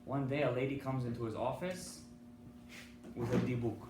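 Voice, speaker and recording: A man's voice: medium pitch, steady tone, normal speed. A man, a rabbi, giving a sermon with an emphatic storytelling manner, asking his listeners questions. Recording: echoey hall from far off with faint noise.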